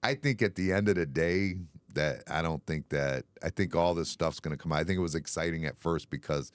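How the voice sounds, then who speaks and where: A man's voice: rumbling low, brisk, no room sound. A man hosting a casual bar-talk live stream, blunt and sarcastic, swearing freely. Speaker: podcast host.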